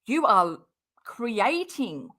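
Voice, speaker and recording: A woman's voice: a little high, big pitch swings, drawn-out words, bright, forceful tone. A woman streaming a reaction to a clip, talking in sarcastic, exasperated commentary with some swearing while she has a cold. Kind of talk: angry commentary over a clip.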